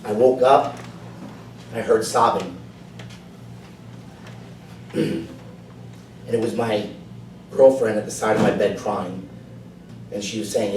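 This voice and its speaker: A man delivers a prepared personal story to a club audience, dropping his voice low and then rising to emphatic points. He is heard from across an echoey meeting room, with a faint hiss underneath. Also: steady tone, takes it slowly, pauses often, a little mellow, recorded from a distance. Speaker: club speaker. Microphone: far camera.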